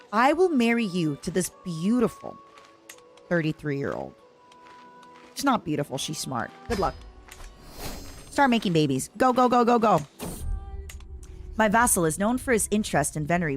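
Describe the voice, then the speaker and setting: A woman VTuber streaming a strategy game, chatting casually and playfully pleading with the game as she plays. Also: medium pitch. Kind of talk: casual live gameplay commentary.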